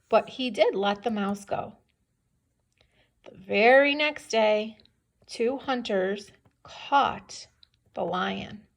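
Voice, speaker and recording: A woman teacher reads a story aloud to young children and pauses often to ask whether they can picture the scene. She speaks slowly, with a gravelly fry in her voice. Her manner is patient, and she keeps checking what they understand. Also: mid-range voice. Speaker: second-grade teacher.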